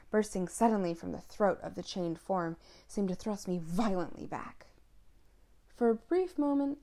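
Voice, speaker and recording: A woman reading a classic short story aloud in a measured, hushed dramatic way. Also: medium pitch. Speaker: reader.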